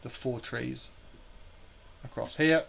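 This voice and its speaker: A man's voice: medium pitch, takes it slowly, gravelly, a bit bright, breathy edge. A man hosting a live stream, explaining slides in a hesitant way with many fillers and restarts.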